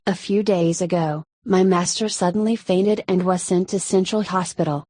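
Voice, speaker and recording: A woman's voice: on the low side, steady tone, dark tone, dry recording, close to an everyday voice. A woman reading as a frantic temple disciple. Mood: anxious. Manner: rushed, pleading, talking non-stop. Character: anxious woman temple disciple calling for help.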